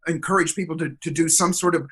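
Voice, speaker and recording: A man telling stories in an interview, energetic and expressive, acting out the voices of people he quotes. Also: a little high, fast talker, a little hiss or hum, rough recording. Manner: energetic, expressive, acts out dialogue. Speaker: guest, performance coach. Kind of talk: animated storytelling interview.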